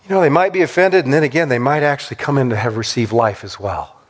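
A man's voice: medium pitch, fast, breathy edge. A man, a pastor, preaching a sermon with emphatic, repeated declarations that build in intensity.

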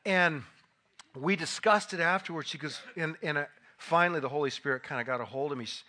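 A man preaching a sermon in a conversational storytelling way, now and then rising into loud, acted bursts. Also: a little high, brisk. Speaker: pastor. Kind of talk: sermon with personal anecdote.

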